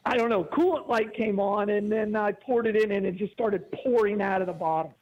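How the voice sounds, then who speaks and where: A man in his fifties, a regular guest on a radio show, chats casually and agreeably, laughing easily. His voice sits high and moves fairly quickly, and the audio has its highs cut off.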